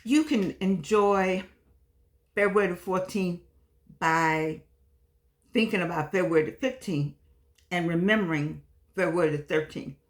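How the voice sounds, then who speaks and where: A woman's voice: lowish voice, measured pace, long pauses. Older woman giving a heartfelt talk. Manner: warm-hearted, repetitive, pet names for viewers. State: frustrated. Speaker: vlog host. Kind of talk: casual motivational talk to viewers.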